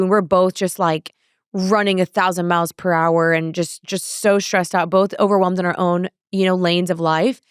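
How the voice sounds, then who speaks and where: Animated young woman retelling a stressful day. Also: fairly low pitch, normal speed, clean tone, no echo, clean studio sound. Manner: animated, breathless retelling with acted-out inner quotes; fillers "like" throughout. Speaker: podcast host. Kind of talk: casual storytelling monologue.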